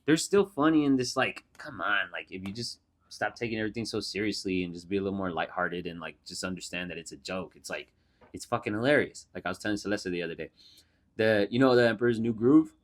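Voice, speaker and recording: A young man co-hosts a podcast in casual chat, retelling comedy scenes full of swearing and laughter. He talks fast in a fairly low voice, a profane, laughing storyteller.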